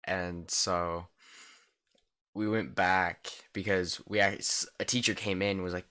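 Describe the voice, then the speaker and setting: A teenage boy tells a story straight to camera in a low, deep voice with a bright, forceful edge. He rambles, swears freely and leans on "like" constantly. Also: flat delivery, slow pace. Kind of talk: casual storytime vlog.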